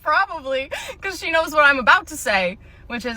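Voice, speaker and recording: Retail manager lady doing a storytime, bright voice, sarcastic and sweary. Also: high-pitched, normal speed. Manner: animated, sarcastic, swears freely. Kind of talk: storytime vlog.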